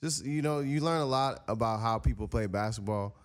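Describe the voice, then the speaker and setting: Male musician guest, smooth resonant voice, lively storyteller. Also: medium pitch, a little fast. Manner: animated storyteller, acts out other people's lines. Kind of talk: casual interview storytelling.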